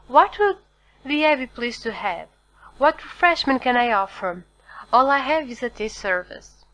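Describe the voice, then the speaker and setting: A woman voicing a fawning middle-aged male innkeeper, hurried and eager to please. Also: high voice, lively intonation, a bit bright, pitched above the performer's own voice, poor audio. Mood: eager, apologetic. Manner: hurried, obsequious.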